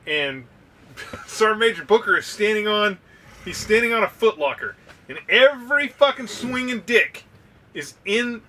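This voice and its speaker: A man co-hosting a podcast, telling a story in a loose, profane, animated way. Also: high voice, a little slow, far from the mic. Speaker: podcast co-host. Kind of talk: casual storytelling.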